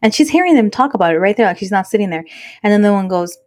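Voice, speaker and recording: Fast-talking candid woman, dry sound. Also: medium pitch, animated, darkish tone, no room sound. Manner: candid, swears freely, talks in quick asides. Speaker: podcast co-host. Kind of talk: casual chat.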